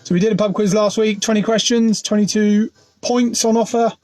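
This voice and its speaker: A man's voice: high voice, level tone, fairly quick, a little mellow. A man hosting a casual pub quiz livestream from inside his van, talking into his phone and greeting viewers by name. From United Kingdom. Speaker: quiz host.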